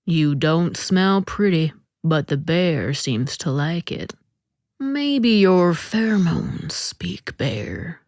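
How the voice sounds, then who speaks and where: A woman hosting a podcast, reading a short story aloud in a slow, deliberate way that dips into soft whispers. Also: deep voice, very animated, dry recording, studio quality.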